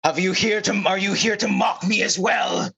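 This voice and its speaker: A man voicing a cursed prince trapped in bear form, weary and distrustful, speaking slowly with sighs in a tabletop game. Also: high voice, fairly even intonation, creaky, bright, forceful tone, slightly rough, highs cut off, voice pushed up, full character voice. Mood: weary, suspicious.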